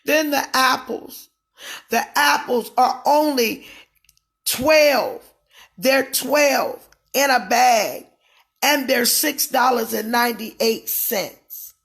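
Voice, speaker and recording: A woman speaking casually to livestream viewers, emphatic and given to shouting when aggrieved. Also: high voice, takes it slowly, husky.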